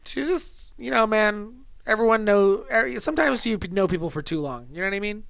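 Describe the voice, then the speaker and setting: A man's voice: sits high, animated, a little fast, vocal fry, fairly bright tone, no echo. A young man from California hosting a casual podcast, rambling and joking and laughing often. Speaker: podcast host.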